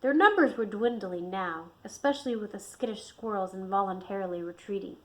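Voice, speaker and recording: A woman reading her own fantasy novel aloud, expressive, dropping her voice low and soft on tense moments. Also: brisk. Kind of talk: audiobook narration.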